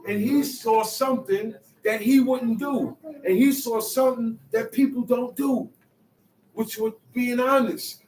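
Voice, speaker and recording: A man teaching scripture in casual street talk, emphatic and repetitive, moving from quiet asides to loud outbursts. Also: very high-pitched, a little hiss or hum. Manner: emphatic, repeats phrases, swings from soft asides to loud outbursts. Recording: echoey room, mic set far off.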